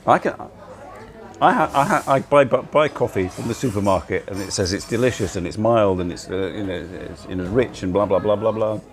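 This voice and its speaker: A man's voice: fairly low pitch, brisk. A middle-aged man chatting casually on a livestream from a cafe, laughing often and poking fun at himself, recorded on a laptop mic. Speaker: livestream host.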